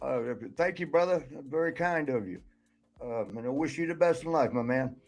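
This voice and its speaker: A man's voice: a little high, moderate pace, soft background music. An older man, a retired wrestler, telling rambling stories on a podcast, laughing often and swearing. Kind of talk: casual storytelling.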